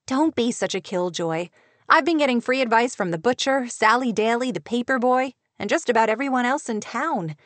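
A woman's voice: fairly high pitch, lively intonation, normal speed, fairly bright tone, no room sound. A woman reading the lines of a spirited, teasing young heroine for an audiobook, in a dry, close voice.

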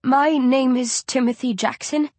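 A woman reading the part of a nervous, posh young male painter in an audiobook, with a squeaky, timid delivery. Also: fairly even intonation, unhurried, a little mellow, no room sound.

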